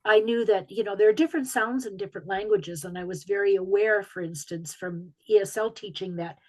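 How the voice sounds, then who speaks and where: A woman's voice: mid-range voice, brisk, low-quality recording. A woman from Michigan's Upper Peninsula with its accent, an author telling stories in a video call Q&A, chatty with frequent ums. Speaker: author guest. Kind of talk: casual talk in a video call Q&A.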